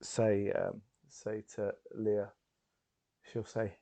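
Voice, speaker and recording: A man's voice: on the low side, level tone, slow, vocal fry, long pauses, mellow. A man playing in a tabletop game, speaking hesitantly with many ums as he describes his character's actions. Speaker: player.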